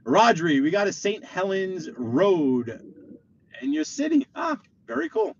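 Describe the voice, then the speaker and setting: A man chatting with his live viewers while driving, joking and teasing in an animated way. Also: sits high, measured pace, creaky. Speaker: live-streaming driver. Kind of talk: casual live-stream commentary while driving. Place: inside a moving car. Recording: dull lo-fi car audio with faint road noise.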